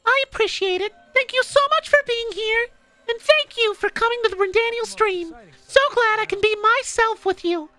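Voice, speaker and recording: Sugary falsetto streamer. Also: male voice, normal speed, pushed and bright. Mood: gushing. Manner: overly polite, gushing. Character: prim, sugary-sweet high-voiced male streamer.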